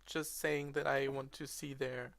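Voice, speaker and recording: A woman's voice: a bass voice, flat delivery, measured pace, gravelly. A woman playing a tabletop game, describing her character's actions hesitantly and repeating words. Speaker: player.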